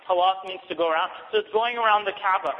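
A man's voice: high-pitched, fast talker. A man giving a casual religious talk, chatty and often laughing as he acts out little scenes. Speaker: Islamic teacher. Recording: dull sound, long hall reverb.

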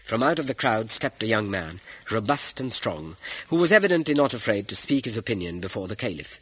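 A man narrating a story in an expressive, measured way. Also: on the low side, slightly rough, no echo, rough recording. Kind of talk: scripted narration.

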